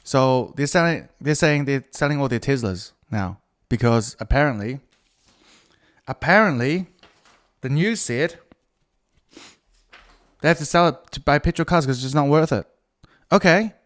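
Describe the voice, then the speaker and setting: A man's voice: mid-range voice, expressive, a little slow, long pauses. A man hosting a solo podcast, talking in a crude, meandering, self-mocking way with many fillers and restarts. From New Zealand. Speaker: podcast host. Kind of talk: rambling solo podcast monologue.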